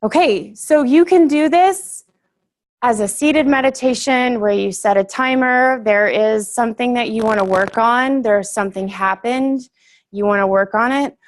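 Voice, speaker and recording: A woman's voice: a little high, a little slow. A young woman giving a casual, earnest workshop talk to a group, chatty and full of fillers, laughing easily.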